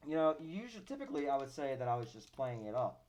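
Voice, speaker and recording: Young male streamer, casual swearing gameplay chatter, mid-pitched, keyboard clicks behind. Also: fast talker, dull audio. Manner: animated, swears, mock-dramatic complaints. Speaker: gaming streamer. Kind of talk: casual live gameplay commentary.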